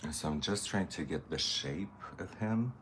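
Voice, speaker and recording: A man's voice: deep voice, normal speed, fairly bright tone, a little hiss or hum. A man chatting casually while doing a makeup tutorial, thinking aloud as he works and greeting viewers. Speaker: makeup artist.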